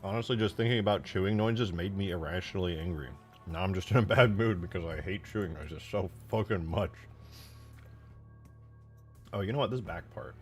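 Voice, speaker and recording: A man's voice: sits low, fairly quick, soft background music. A young man streaming while he mods a game, casually ranting and swearing as he talks to his chat.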